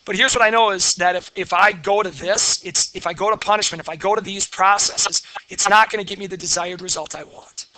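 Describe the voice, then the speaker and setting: A man's voice: high voice, steady tone, fairly quick, few pauses, sharp tone, slight background noise. A man, lecturing a class and telling candid, blunt personal stories. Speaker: teacher.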